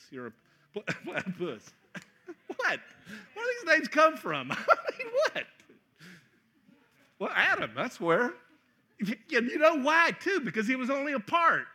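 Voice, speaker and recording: Animated, high-voiced preacher. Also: male voice. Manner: animated, joking, acts out voices with loud shouts. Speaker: pastor. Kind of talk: sermon.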